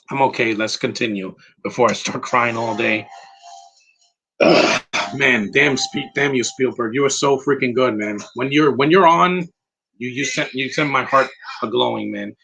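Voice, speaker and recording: A man talks through a film he loves, rambling and near tears, tacking "man" onto his sentences. His voice is husky and bright. He chats casually, as if to friends. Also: medium pitch, normal speed, rough recording. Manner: emotional, rambling, frequent "man". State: teary, close to crying. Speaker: movie commentator. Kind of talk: casual live film commentary.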